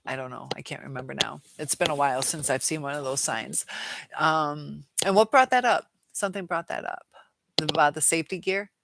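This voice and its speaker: A woman with a low, gravelly voice hosts a relaxed live chat. She reads viewer comments aloud, trails off now and then and laughs easily. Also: a little fast, a little hiss or hum. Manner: chatty, laughs often, trails off while reading comments.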